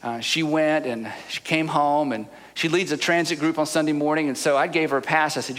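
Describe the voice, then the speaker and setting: A man's voice: fairly high pitch, fairly even intonation, brisk, hardly any pauses, fairly bright tone. A middle-aged male pastor giving a heartfelt sermon, telling stories with earnest repetition and growing emotional at moments. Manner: earnest, storytelling, repeats "I'm telling you". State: emotional, choked up at times.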